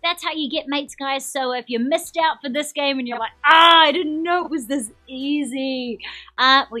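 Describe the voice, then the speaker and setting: A woman's voice: high-pitched, sharp tone. A young adult woman from New Zealand with a New Zealand accent, hosting a live trivia quiz in an upbeat, chatty way and reading out viewer comments. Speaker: quiz show host.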